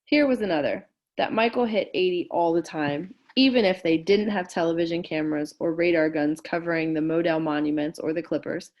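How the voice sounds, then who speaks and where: A woman's voice: a little fast, hardly any pauses, lo-fi sound. A woman teacher reading a novel aloud to her class, raising her voice for the dialogue and stopping to explain terms. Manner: reads dialogue with lively lifts in pitch and volume, stopping to explain words.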